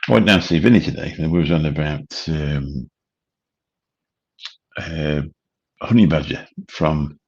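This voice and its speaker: A man's voice: rumbling low, unhurried, gravelly, long pauses, husky, lo-fi sound. A man, rambling casually as host of a late-night livestream chat. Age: 50s. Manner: rambling, chatty, swears casually. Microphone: studio mic through a mixer.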